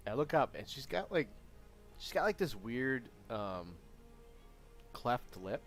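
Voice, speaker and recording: A man live-streaming his game programming, chatting casually and talking to himself, with sudden excited outbursts. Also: mid-range voice, takes it slowly, soft background music. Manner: rambling, self-talk with sudden excited outbursts. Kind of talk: casual live-stream chat while coding.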